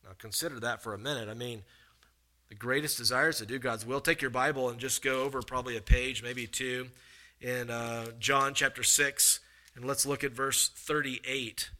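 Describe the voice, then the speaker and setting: Man, pastor, sermon, very bright voice, animated, acts out quoted speakers. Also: normal speed. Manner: animated, acts out quoted voices with big swings in pitch and loudness.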